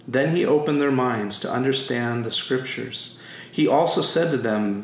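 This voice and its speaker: A man preaching a sermon as pastor, telling stories in an animated way and acting out the voices he quotes. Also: medium pitch, unhurried. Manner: animated storytelling, acts out quotes. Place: church sanctuary. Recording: roomy church with faint ambience.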